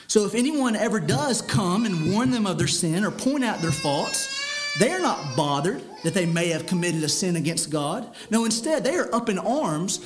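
Stern preaching man, high-pitched voice. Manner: earnest, stern, repeats words while building a point. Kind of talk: sermon.

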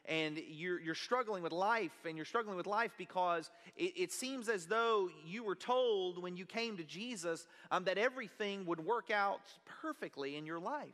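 A man's voice: sits high, moderate pace, hardly any pauses, fairly bright tone. Pastor guy telling a story in his sermon, long echoey church reverb. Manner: conversational, earnest storytelling. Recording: long reverb of a large hall.

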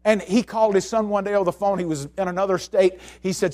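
A man preaching a sermon, telling stories and repeating phrases, swinging between hushed tones and shouting. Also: high voice, steady tone, quick pace. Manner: storytelling, repeats phrases for emphasis.

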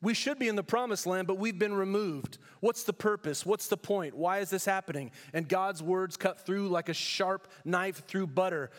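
A pastor from California preaching a sermon in a church, emphatic, with rhetorical questions and storytelling asides. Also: male voice, sits high, normal speed, few pauses, in a large hall.

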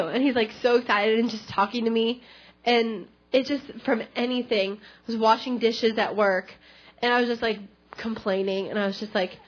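A woman's voice: a little high, moderate pace. Young woman, church testimony, chatty storytelling, lo-fi dull sound. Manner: chatty, animated storytelling with many fillers. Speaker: church member sharing a testimony. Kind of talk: personal testimony.

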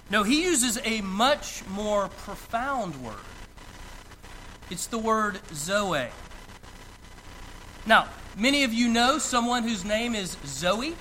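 Slow, high-voiced preaching pastor. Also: male voice, animated, sharp tone, slight background noise, poor audio. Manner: slow, deliberate preaching with emphatic pauses. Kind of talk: sermon.

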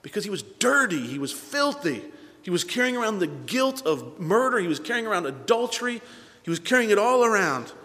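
A male pastor preaching a sermon, animated, swinging between loud bursts and hushed asides. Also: high-pitched, brisk, long reverb tail.

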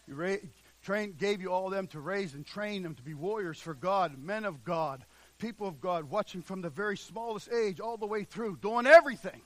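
High-voiced fervent preacher man. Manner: fervent, swinging from shouts to hushed low passages; drawn-out emphatic scripture reading. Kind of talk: sermon.

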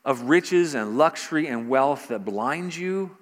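A man's voice: medium pitch, lively intonation, measured pace. Man preaching in an echoing hall. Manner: preaching with rising emphasis, repeating key phrases. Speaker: pastor. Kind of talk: sermon.

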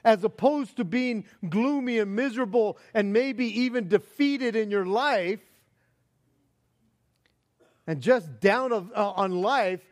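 A pastor preaching a sermon, animated and expressive, swinging between loud emphasis and hushed asides, often repeating words. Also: male voice, sits high, slow.

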